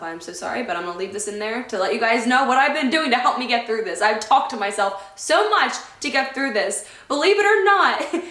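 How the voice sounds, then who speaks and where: A woman's voice: a little high, fairly bright tone. A woman vlogger talking to camera in a casual sit-down chat, heartfelt and rambling, often losing her train of thought. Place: indoor room away from her home. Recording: echoey room.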